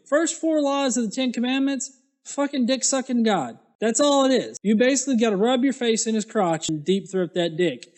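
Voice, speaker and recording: A man's voice: very high voice, normal speed. A young man hosting a commentary video, mocking and sarcastic, swearing heavily. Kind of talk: profane reaction commentary.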